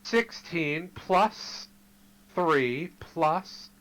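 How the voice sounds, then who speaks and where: A man playing a tabletop game as a player, low-key, counting his dice rolls out loud. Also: lively intonation, drawn-out words, slight background noise, poor audio.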